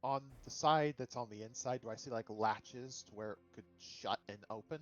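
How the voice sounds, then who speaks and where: A man's voice: medium pitch, normal speed, highs cut off, faint music behind. A man playing in a tabletop game, asking questions casually and declaring his character's actions. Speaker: player.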